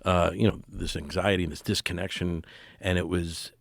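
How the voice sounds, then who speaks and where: A man in his forties, a podcast guest telling a personal story in an earnest, halting way with many restarts. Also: sits low, fairly even intonation, vocal fry, dry recording.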